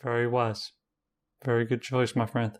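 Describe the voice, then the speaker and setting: A young man with a mid-range voice gives short, blunt opinions in a steady, mock-serious way. He sounds relaxed and unscripted as he banters with a friend. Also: mid-range voice, moderate pace. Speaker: co-host ranking game characters. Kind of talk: casual banter.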